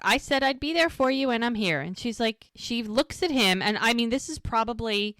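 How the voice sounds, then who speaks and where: This podcast co-host is a woman of medium pitch with a somewhat bright voice, and there's no room sound. She goes over a TV episode in a relaxed, talkative way, acting out the characters' lines in fast quotes.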